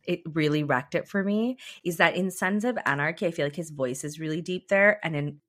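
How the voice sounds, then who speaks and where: A woman's voice: sits low, fairly quick, fairly bright tone. A young woman co-hosting a podcast, chatting casually and gushing, with lots of filler words. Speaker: podcast co-host. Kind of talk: casual chat.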